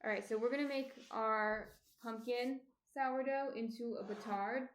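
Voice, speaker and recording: A woman's voice: fairly high pitch, fairly even intonation, a little slow, echoey room, slight background noise. A woman from New Jersey chatting casually on a live stream, explaining each step of shaping bread and greeting viewers by name. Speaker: baker streaming a sourdough tutorial.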